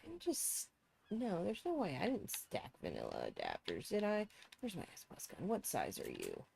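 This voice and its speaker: A woman chats through a building-game stream, her low voice swinging widely in pitch. She thinks aloud and teases herself as she works. A sore throat roughens her talk. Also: wildly swooping pitch, moderate pace, a little mellow, a little hiss or hum. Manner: chatty, self-mocking, thinking aloud.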